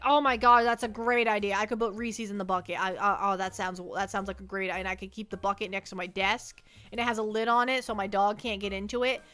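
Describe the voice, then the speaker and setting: A woman's voice: a little high, bright, forceful tone. A woman livestreaming from her desk at home, chatting playfully and rambling as she reads chat messages aloud.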